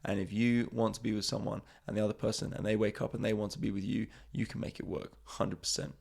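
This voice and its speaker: A man's voice: lowish voice, little pitch movement, fast, creaky, a little mellow, breathy edge. A man, a comedian hosting his podcast in a casual, rambling monologue, swearing freely and mocking himself.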